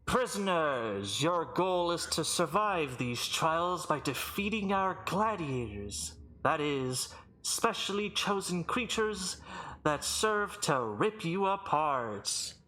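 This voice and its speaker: A man voicing a grandly menacing male arena announcer who makes slow, pompous proclamations. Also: fairly high pitch, sing-song, sharp tone, pitched above the performer's own voice, exaggerated voice, rough recording.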